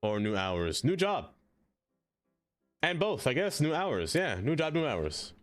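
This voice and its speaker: A man's voice: a little high, very animated, a little slow, faint music behind. A young man from Brooklyn, rambling and joking as he reads chat on a casual gaming stream. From Brooklyn, New York.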